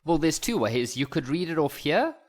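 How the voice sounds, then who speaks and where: A man talking through a maths exam paper in a relaxed, chatty way, thinking aloud and adding jokes. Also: fairly high pitch, moderate pace. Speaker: maths teacher. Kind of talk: casual explanatory lesson voice-over.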